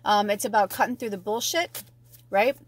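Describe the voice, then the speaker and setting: A woman's voice: mid-range voice, moderate pace. A woman giving a casual spiritual card reading, chatty and gushing, thinking aloud and swearing now and then. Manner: thinks aloud, with many fillers and restarts. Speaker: tarot and oracle card reader.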